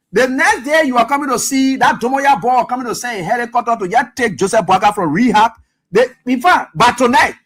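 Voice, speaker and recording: A man runs a call-in radio show, his voice sitting high. He talks in a hurried, fired-up rush, cutting callers short and driving his points hard. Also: fairly bright tone. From Liberia. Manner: fast, pushy, fired up.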